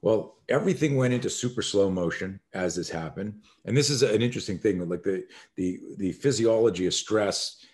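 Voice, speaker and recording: A man's voice: on the low side, expressive, normal speed, few pauses, darkish tone. A man, a self-defense expert, telling a story as a podcast guest and acting out the scenes with animation.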